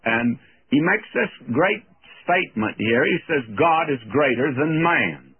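A man preaches on an old radio broadcast, his husky voice squeezed thin as if through a telephone. He reads scripture aloud, then explains it plainly in a sermon. His pitch rises and falls freely as he teaches. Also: animated, unhurried, phone-quality sound. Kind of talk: sermon, verse-by-verse Bible teaching.

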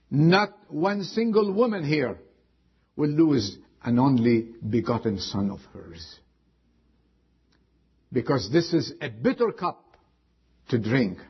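A man preaching a sermon with emphatic delivery and long dramatic pauses. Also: mid-range voice, slightly rough. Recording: dull lo-fi sound.

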